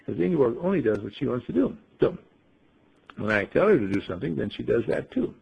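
A man telling a rambling story to a group, playful and musing, often clearing his throat. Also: medium pitch, very animated, fairly quick, muffled recording. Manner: playful, acts out voices in quotes, frequent throat clearing.

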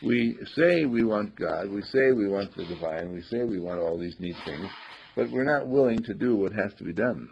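A man with a low, gravelly and somewhat husky voice gives a quiet spiritual talk, telling parables in a soft storytelling manner. The recording is dull and lo-fi, with muffled highs. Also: expressive, normal speed, a little hiss or hum. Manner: soft-spoken storyteller, voices characters in quotes. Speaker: spiritual teacher. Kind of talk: reflective spiritual talk with told stories.

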